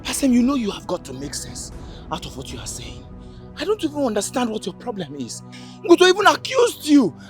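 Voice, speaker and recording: A man's voice: very high voice, huge pitch swings, brisk, exaggerated voice. An actor with a Nigerian English accent playing a defensive young man who pleads his innocence to friends in a film scene. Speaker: accused friend. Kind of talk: Nollywood film acting. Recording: film audio with background music.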